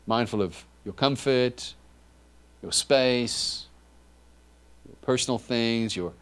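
A man preaches slowly in a mid-range voice with a clear, resonant tone. His delivery is conversational and animated, full of asides to the congregation and frequent restarts.

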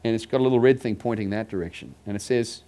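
A man's voice: fairly low pitch, fast talker, mellow, clean tone. A man preaching a conversational sermon to a congregation in a church building, repeating his phrases and dropping joking asides to the listeners. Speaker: pastor.

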